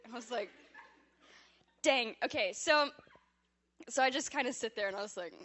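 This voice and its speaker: A woman giving a personal testimony to a church congregation, telling her story in a chatty, animated, self-deprecating way and saying she yells when she talks. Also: on the high side, fast talker.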